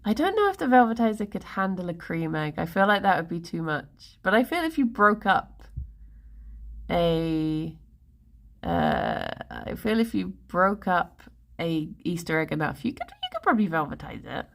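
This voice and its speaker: A woman's voice: fairly low pitch, huge pitch swings, moderate pace, creaky. A woman in her thirties with an English accent, chatting casually and playfully with stream viewers, giggling often. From England. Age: 30s. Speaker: livestreamer.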